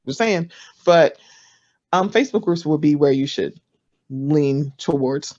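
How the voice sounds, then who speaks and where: A chatty woman on a panel gives casual advice in a fairly low voice. She acts out other people's lines with leaps up in pitch. The sound is dull and lo-fi, like an online call. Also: slow pace, a little mellow.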